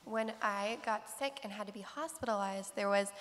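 A young woman in her late teens, a high school senior, telling a short story in a composed way. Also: normal speed, fairly bright tone. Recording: echoey hall.

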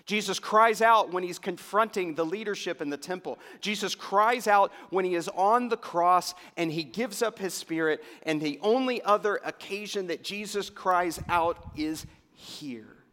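A man preaching a sermon, his delivery swelling to fervent emphasis and then dropping to hushed, near-whispered lines. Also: sits high, a little slow, hardly any pauses. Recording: long reverb of a large hall.

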